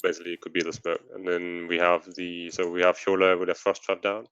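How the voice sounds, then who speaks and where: A man leading raid tactics over voice chat, measured and hedging as he thinks aloud. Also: deep voice, completely flat delivery, a bit bright, clear, resonant tone, no echo, dull audio. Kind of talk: casual voice chat strategy talk.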